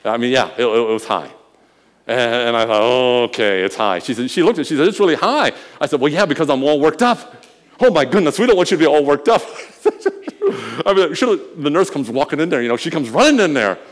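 A man preaching a sermon, telling a personal story with quiet murmurs and loud emphatic bursts. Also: medium pitch, lively intonation, fairly quick. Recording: long hall reverb.

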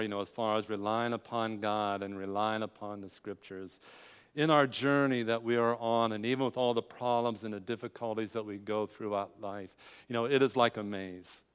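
A man's voice: on the low side, fairly even intonation, moderate pace, fairly bright tone, clear, resonant tone, in a large hall. An older man preaching a sermon, telling a personal story with quoted dialogue and building to emphatic climaxes.

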